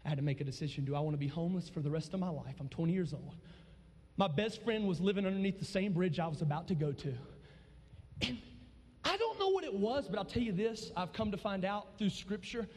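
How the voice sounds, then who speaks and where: A young man, preaching a testimony sermon and swinging from loud shouts to hushed low tones. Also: expressive, fast talker, husky. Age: 20s. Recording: long reverb of a large hall.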